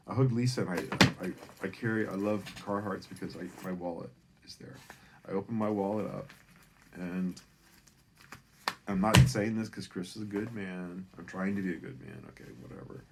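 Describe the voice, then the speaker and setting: Over background noise, a deep-voiced man in his fifties from Northern California rambles through a personal story. He swears a lot, stays animated, and keeps tacking "right?" onto his lines.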